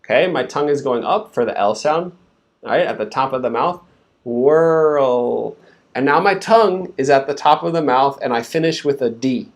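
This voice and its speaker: A man's voice: medium pitch, lively intonation, fairly quick. A man teaching English pronunciation in a live stream, patiently breaking words into sounds and repeating them for learners to copy.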